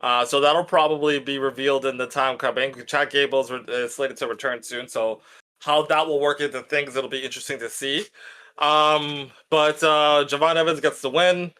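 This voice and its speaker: A man's voice: medium pitch, steady tone, normal speed, sharp tone, clean tone. A man co-hosting a podcast, chatting casually and rambling with lots of fillers. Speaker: podcast co-host. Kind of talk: casual chat.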